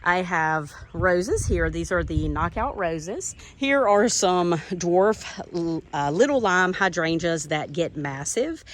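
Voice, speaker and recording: A middle-aged woman with a Southern US accent talks her way around her garden outdoors, gushing over each bloom in a chatty, enthusiastic way. Her voice sits a little low. A faint hum of outdoor ambience stays behind her. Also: animated, slow. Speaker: garden vlogger. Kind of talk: casual garden tour narration.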